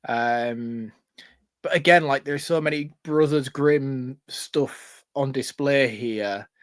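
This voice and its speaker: A man co-hosting a casual film review podcast, blunt and expressive, swearing freely. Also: mid-range voice, takes it slowly, clear, resonant tone, dry recording, clean studio sound. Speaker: podcast co-host.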